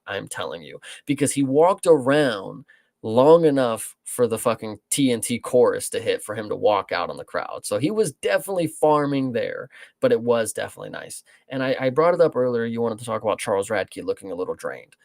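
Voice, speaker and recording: A man's voice: medium pitch, gravelly, darkish tone, no echo. A man co-hosting a casual sports podcast, talking bluntly and rambling with plenty of swearing. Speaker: podcast co-host.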